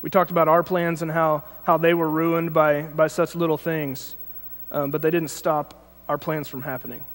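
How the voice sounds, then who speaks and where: High-voiced young man preaching in a reverberant hall. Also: smooth. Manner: storytelling, halting restarts, animated when telling the story. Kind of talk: informal sermon with personal story. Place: church sanctuary. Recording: long church hall reverb.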